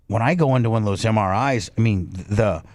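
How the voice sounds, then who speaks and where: A man's voice: on the low side, brisk, darkish tone, dry recording. A man hosting a talk radio show, telling a personal story in casual chat and acting out his own panicked voice.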